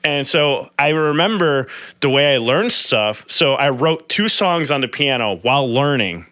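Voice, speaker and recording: Lively guy telling stories on a podcast, bright voice, dry close sound, laughs a lot, swears. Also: mid-range voice, unhurried, no room sound. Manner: animated storyteller, laughs often, swears casually. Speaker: podcast co-host, musician. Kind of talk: casual chat.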